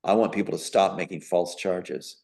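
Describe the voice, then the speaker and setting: A man's voice: sits low, fairly even intonation, moderate pace, darkish tone. A man being interviewed as a guest, giving a long, rambling personal account in an emphatic, indignant tone with frequent fillers.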